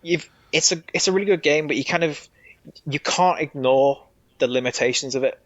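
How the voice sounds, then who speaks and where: A man's voice: on the high side, fairly quick, a bit bright, dry recording. A man, a podcast guest, chatting casually and rambling through a game review. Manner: rambling, with frequent restarts and swearing. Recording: dull dry sound.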